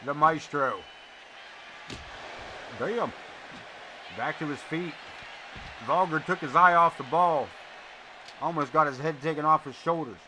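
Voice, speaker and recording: Against a noisy background, a man with a somewhat high voice speaks at a measured pace, pausing often. He is a wrestling commentator doing live play-by-play interspersed with casual chat and blunt, profane, chatty stories.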